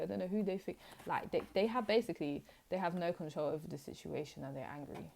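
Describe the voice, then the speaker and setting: A young woman giving a casual tarot reading, chatty and blunt with animated asides. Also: low voice, quick pace, vocal fry, few pauses, noisy background. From United Kingdom. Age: young adult. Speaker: tarot reader.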